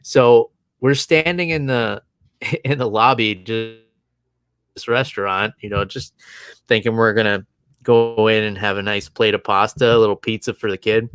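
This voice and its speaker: A man's voice: on the low side, steady tone, moderate pace, fairly bright tone, smooth, no echo. A man in his thirties co-hosting a podcast, telling a rambling story in casual chat and chuckling often as he goes. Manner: amused, rambling anecdote with frequent chuckles. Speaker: podcast co-host.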